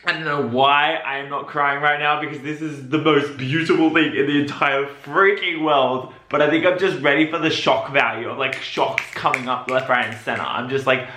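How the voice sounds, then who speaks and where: A man hosting a reaction video, talking casually and excitedly, breaking into high shrieks. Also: moderate pace, hardly any pauses. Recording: roomy echo with faint music.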